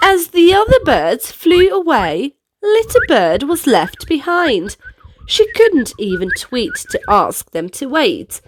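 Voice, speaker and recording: A woman reading picture books aloud to children in an animated, sing-song way. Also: high voice, takes it slowly, noisy background. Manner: animated, sing-song, playful sound effects. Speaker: storyteller. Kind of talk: picture-book read-aloud for kids.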